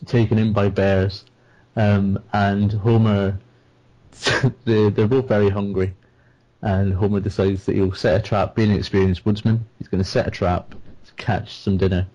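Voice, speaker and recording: A man with a low, mellow voice chats casually as a podcast co-host, laughing as he retells scenes. The recording sounds dull and muffled. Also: little pitch movement, measured pace. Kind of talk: casual chat.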